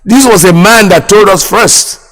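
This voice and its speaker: A man's voice: sits high, a little slow, a bit bright. A Nigerian man hosting a radio show, giving impassioned political commentary, indignant and repeating himself as he fires off rhetorical questions. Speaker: radio host. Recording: long hall reverb.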